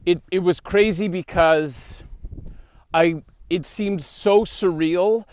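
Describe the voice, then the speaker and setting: A young man from Canada telling a story as a podcast host, animated and acting out quoted dialogue. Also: sits high, slow pace. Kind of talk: casual storytelling monologue.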